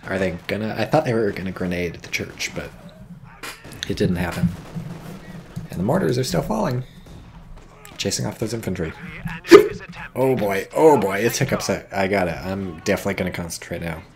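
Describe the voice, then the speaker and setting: A man's voice: low voice, lively intonation, a little fast, gravelly, pauses often, a little hiss or hum. A man casually commentating a strategy game match, with a dry, rambling manner and hiccups, reading viewer chat aloud. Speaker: game caster.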